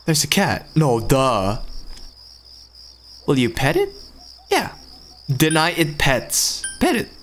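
A man's voice: a little high, huge pitch swings, slow pace, long pauses, noisy background. Joking man commentating a game. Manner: casual, joking, slangy. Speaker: gaming channel host. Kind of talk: let's play commentary reading subtitles aloud. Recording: game music behind voice.

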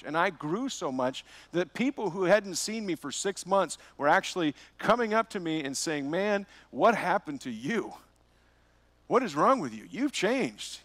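Guy pastor preaching, kinda high voice, real earnest, dry sound. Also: creaky, fairly bright tone, no room sound. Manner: earnest, personal storytelling with rhetorical questions. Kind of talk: verse-by-verse sermon.

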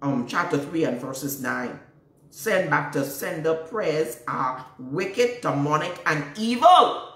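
A woman's voice: sits low, expressive, takes it slowly, fairly bright tone. A woman, a prophetess preaching emphatically to viewers, repeating herself and citing scripture. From Bahamas. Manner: emphatic and repetitive, cites scripture. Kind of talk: preaching, answering viewer questions. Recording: roomy, distant mic.

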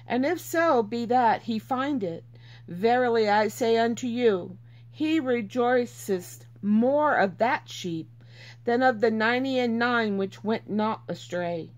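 A woman's voice: a little high, lively intonation, takes it slowly. A woman reading Bible verses aloud and teaching from them in an earnest, informal way, repeating herself for emphasis.

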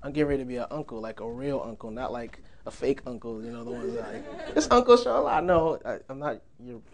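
A man's voice: medium pitch, brisk, a crowd in the background. A young man giving a sermon in a church, conversational and humorous, laughing often. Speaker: preacher.

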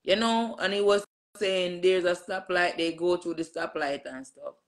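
A woman's voice: fairly low pitch, fairly even intonation, normal speed. A middle-aged woman telling her pastor what happened to her, in an emphatic way and acting out what people said. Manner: emphatic storyteller who re-enacts dialogue with many "I said". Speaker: church member giving a testimony to her pastor. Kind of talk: casual spoken testimony.

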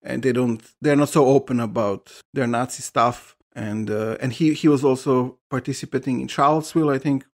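A man co-hosting a casual podcast discussion, speaking haltingly with restarts. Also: medium pitch. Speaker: podcast co-host.

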